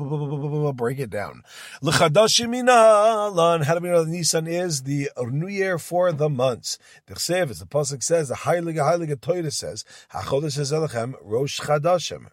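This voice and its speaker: A man's voice: fairly high pitch, dry recording, studio quality. A man teaching a daily Talmud class, reading the Aramaic text aloud and explaining it in English, sometimes stumbling and repeating words. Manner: reads Aramaic lines, then explains them in English.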